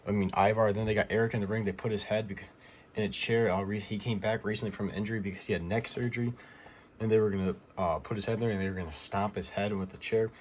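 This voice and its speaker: A man talks through the week's wrestling in a casual, rambling way, dropping fillers and blunt opinions as he goes. His voice sits low and stays flat, with little rise or fall. A faint hiss runs under the recording. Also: quick pace. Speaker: wrestling recap host. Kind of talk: casual recap commentary.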